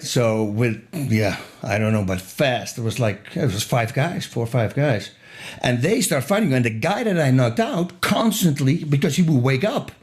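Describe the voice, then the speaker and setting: Animated man telling a wild story. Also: fairly high pitch. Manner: lively, laughing often, repeats words for emphasis. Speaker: podcast guest. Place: podcast studio. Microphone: studio microphone.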